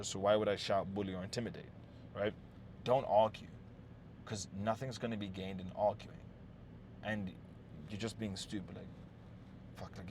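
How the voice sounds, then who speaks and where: A man with a fairly low voice talks through relationship advice in a loose, unscripted monologue. He is blunt and profane, trips over his words and starts again, and keeps asking the listener "yes?" A faint noise runs under the recording. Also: darkish tone. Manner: blunt, heavy swearing, frequent "yes?" check-ins; restarts and repeated words.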